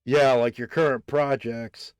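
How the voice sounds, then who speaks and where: A man's voice: mid-range voice, steady tone, measured pace, clear, resonant tone, dry recording, studio quality. A man hosting a casual late-night stream, rambling and hesitant, full of fillers as he tells a joke and talks with chat. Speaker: streamer host.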